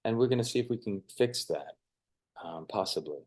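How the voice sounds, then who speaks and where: A man's voice: fairly low pitch, brisk. Easygoing man giving webinar advice. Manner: relaxed, rambling, hesitant with fillers. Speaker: co-host, media coach. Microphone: lavalier on a video call.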